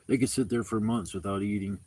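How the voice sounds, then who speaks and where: A man's voice: fairly low pitch, steady tone, a little fast, darkish tone, slightly rough. A man livestreaming from his outdoor campsite, telling rambling, profanity-laced stories in a casual way. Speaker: camping livestreamer.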